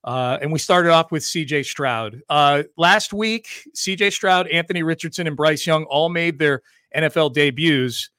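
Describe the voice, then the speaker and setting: Higher-voiced guy hosting a sports podcast, quick and chatty, dry close mic. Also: pushed and bright, no room sound. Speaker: podcast host.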